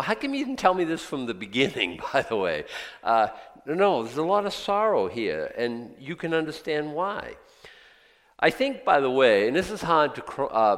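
Animated male preacher in reverberant hall. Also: mid-range voice. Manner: animated, conversational, jokey asides. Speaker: pastor. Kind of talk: sermon. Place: church.

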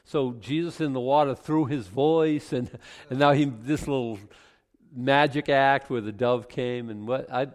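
A man's voice: medium pitch, unhurried. A man giving informal verse-by-verse Bible teaching in a conversational way, often restarting and adding asides. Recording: long hall reverb.

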